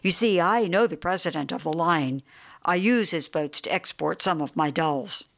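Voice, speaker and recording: A woman's voice: lowish voice, creaky. A woman reading a restless, ambitious businessman. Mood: hearty. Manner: brisk and hearty when busy, flat and dull when idle. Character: middle-aged businessman, restless, driven by ambition. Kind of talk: audiobook character reading.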